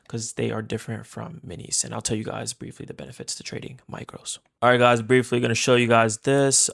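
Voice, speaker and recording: A man's voice: mid-range voice, vocal fry. A man teaching as a trading instructor in a casual screen-share tutorial, chatty and repeating his points while calling his viewers guys.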